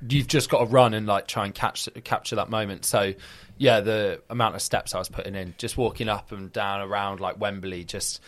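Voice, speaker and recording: A young man chatting casually as a podcast guest, telling lively anecdotes and acting out other people's voices in quotes. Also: on the low side, normal speed, few pauses. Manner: animated storyteller acting out quoted voices, filler-heavy. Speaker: guest, football video presenter. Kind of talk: casual interview chat.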